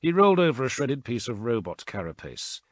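A man narrating a science-fiction audiobook in steady, measured scripted narration. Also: mid-range voice, dry recording, studio quality.

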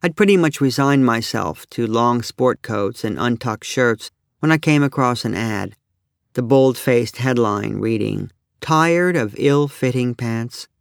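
A man's voice: medium pitch, a little slow, vocal fry, dry recording. Wry middle-aged man reading an essay. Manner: wry, dry, deadpan delivery. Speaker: essayist reading his own work. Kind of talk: reading a humorous personal essay.

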